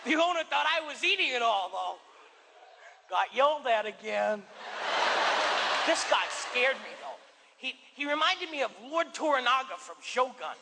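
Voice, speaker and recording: A man performing a stand-up comedy routine with quick punchline delivery. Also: very high-pitched, big pitch swings, gravelly, very noisy. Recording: live stage recording in a hall, loud audience. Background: audience laughter.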